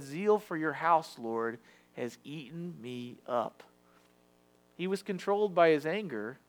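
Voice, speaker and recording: A man preaching a sermon in a conversational, confessional way, acting out quoted voices. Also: a little high. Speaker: pastor.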